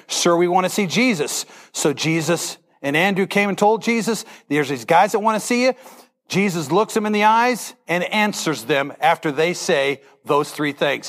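A man's voice: high-pitched, lively intonation, moderate pace, fairly bright tone. A middle-aged male pastor telling a Bible story in a sermon, acting out the characters' lines with animation.

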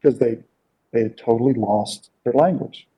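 Dark-voiced man teaching a halting Bible class. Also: mid-range voice, breathy edge. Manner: halting, many fillers and repeated words. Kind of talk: casual classroom lecture. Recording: dull lo-fi recording.

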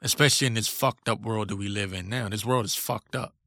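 A man's voice: fairly low pitch, steady tone, fairly quick, pushed and bright, no room sound, studio quality. A man hosting a solo podcast, ranting in a blunt, profane, combative way. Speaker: podcast host.

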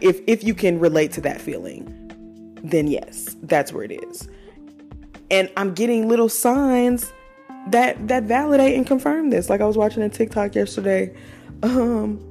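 A woman's voice: medium pitch, moderate pace, a little mellow, faint music behind. A woman in her twenties talking candidly in a casual personal monologue, swearing freely and using slang. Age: 20s. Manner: candid, profane, conversational with slang. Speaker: podcast host.

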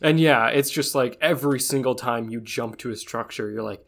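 Young male podcast co-host, mid-range voice, animated storyteller who acts out quotes. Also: medium pitch, normal speed, vocal fry, hardly any pauses. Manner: animated, acts out game dialogue in raised voices. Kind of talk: casual chat.

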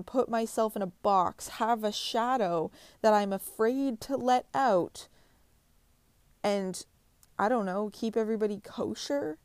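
A woman's voice: medium pitch, darkish tone, clear, resonant tone, dry recording. A woman in her twenties talking bluntly and passionately in a confessional vlog, swearing heavily and speaking with emphasis. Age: 20s. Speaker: vlogger.

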